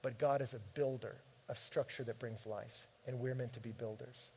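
A man preaching a sermon, telling stories from his home life in an animated, direct way. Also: mid-range voice, moderate pace, vocal fry, husky. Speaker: pastor.

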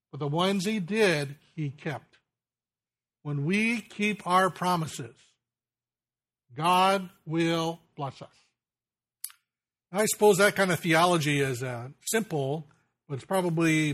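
A man preaching a sermon in a folksy way, slowing down to stress key lines. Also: a little high, fairly bright tone. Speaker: pastor.

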